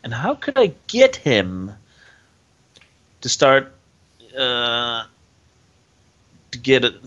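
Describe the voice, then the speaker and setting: A man's voice: mid-range voice, wildly swooping pitch, very slow, a bit bright. A man playing a tabletop game, talking hesitantly and often trailing off. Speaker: player. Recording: dull lo-fi sound.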